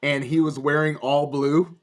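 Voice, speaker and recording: A man's voice: fairly high pitch, level tone, unhurried. A man with a Chicago accent, co-hosting a podcast, chatting casually and enthusiastically, often with hesitant starts. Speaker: podcast co-host. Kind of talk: casual chat.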